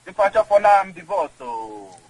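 A man's voice: high voice, sing-song, normal speed, a little mellow, husky, poor audio. A man with a Ghanaian accent, a guest in an interview, who rambles and repeats words. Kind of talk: conversational interview.

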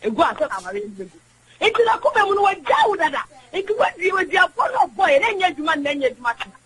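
A woman's voice: very high-pitched, sing-song, fast, a bit bright, rough recording. A woman calling in to a radio show, speaking with impassioned emphasis and mixing English into her talk. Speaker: caller. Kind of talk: radio call-in opinion.

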